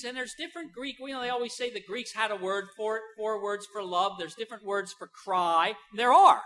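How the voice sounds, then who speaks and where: An older woman delivering a sermon in a bright, fairly high voice. She preaches emphatically, drawing key phrases out slowly and moving between quiet asides and loud stresses.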